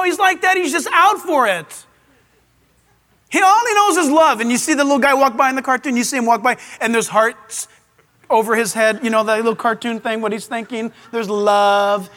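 A man preaching a sermon to a live audience in a large auditorium, animated, with playful asides. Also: very high-pitched, moderate pace, big-room sound. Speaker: pastor.

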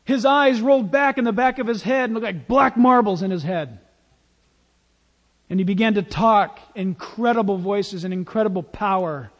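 High-voiced man preaching in a hall. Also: moderate pace, dull audio. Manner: emphatic, storytelling preacher. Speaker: pastor. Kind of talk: sermon. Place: large church.

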